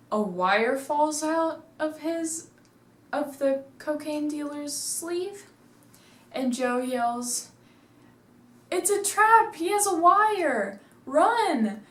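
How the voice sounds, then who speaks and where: A woman casually reviewing a movie, rambling through the story with lots of "like," sitting at home. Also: fairly high pitch. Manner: chatty, rambling retelling full of "like". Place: indoors at home, seated. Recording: echoey room.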